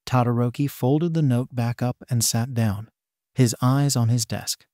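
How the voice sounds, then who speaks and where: A man reading fan fiction aloud in a steady, plain way, swear words and all. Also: mid-range voice, unhurried, no room sound, clean studio sound. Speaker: story narrator.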